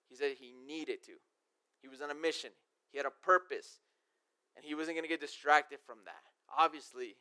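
A man giving a relaxed, conversational sermon, reading verses aloud and then unpacking them in plain talk. His voice is smooth and clear, sitting a little higher than most men's. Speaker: pastor. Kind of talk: casual sermon with scripture reading.

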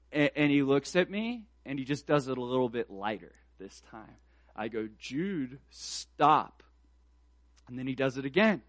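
A man delivers a sermon with earnest conviction. He presses his points through repeated, emphatic questions and calls. His voice sits somewhat high, recorded close and dry with no room sound. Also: fairly bright tone, dry recording. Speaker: pastor.

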